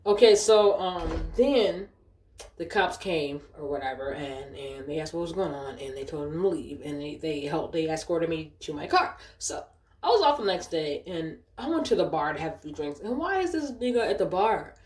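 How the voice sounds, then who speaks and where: A woman's voice: deep voice, animated, moderate pace, a little mellow, slight background noise. Fired-up woman telling a story, echoey room. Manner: profane, fired-up, repeats herself. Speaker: storytelling vlogger. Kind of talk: casual storytime retelling.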